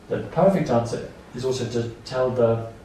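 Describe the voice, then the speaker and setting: A man's voice: mid-range voice, lively intonation, a little slow, a little hiss or hum. A man training nursery staff, explaining things simply and repeating points with everyday examples. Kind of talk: training lecture. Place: training room. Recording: echoey room from far off.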